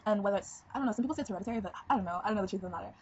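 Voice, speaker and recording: In dull, lo-fi webcam audio with faint noise, a seventeen-year-old vlogger races through a frank, casual confessional. Her medium-pitched voice rambles, punctuated by giggles.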